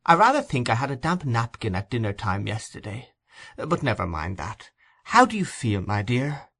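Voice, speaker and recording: A man voicing a brisk, warm-hearted old gentleman in a storybook reading, bluff and blustering. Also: medium pitch, wildly swooping pitch, creaky, breathy edge, heavily acted. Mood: fussing.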